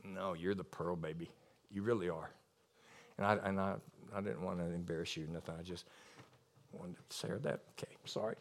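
A man's voice: low voice, fairly even intonation, moderate pace, long pauses. A middle-aged male preacher delivering a passionate, emotional sermon, often tearful and laughing between lines.

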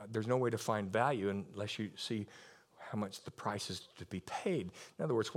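A middle-aged male preacher delivering a passionate, emotional sermon, often tearful and laughing between lines. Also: lowish voice.

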